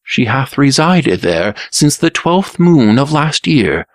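A man's voice: medium pitch, very animated, slow pace, dry recording, clean studio sound, pitched above the performer's own voice. A man voicing a nervous young prince who stammers and speaks in old-fashioned language in a storybook reading. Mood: earnest. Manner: stammering, archaic speech.

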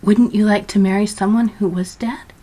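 A woman voicing Death as a suave, unflappable male suitor who speaks in a calm, dry, matter-of-fact way in a storybook reading. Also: mid-range voice, moderate pace, pitched above the performer's own voice, natural voice.

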